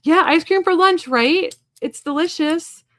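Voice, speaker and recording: A woman's voice: very high-pitched, unhurried, fairly bright tone, no room sound. Chatty woman on a dry livestream mic. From Kansas. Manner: chatty, rambling, with many fillers and asides. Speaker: tarot reader hosting a livestream. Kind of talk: casual livestream chat.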